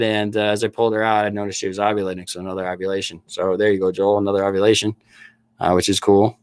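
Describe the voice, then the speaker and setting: A man's voice: lowish voice, little pitch movement, very fast, smooth, no room sound. Chatty laughing man hosting a livestream. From Upper Peninsula of Michigan. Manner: laughing, chatty, stammering restarts. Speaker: livestream host and snake breeder. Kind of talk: casual livestream chat with viewers.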